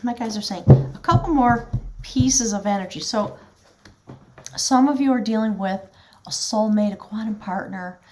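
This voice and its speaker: Addressing the viewer directly, a tarot reader delivers a spiritual reading in an earnest, flowing, heartfelt manner, sometimes choked up with emotion. She has a medium-pitched voice at a moderate pace, and the recording is very noisy.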